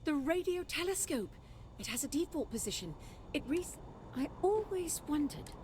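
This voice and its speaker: A woman's voice: high-pitched, big pitch swings, normal speed, noisy background. An actress voicing a thoughtful female character in a video game.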